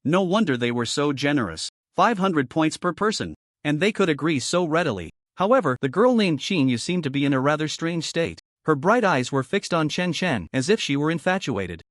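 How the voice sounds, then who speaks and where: A man's voice: a little high, very animated, normal speed, no room sound, studio quality. A man narrating a comic story recap in a scripted reading.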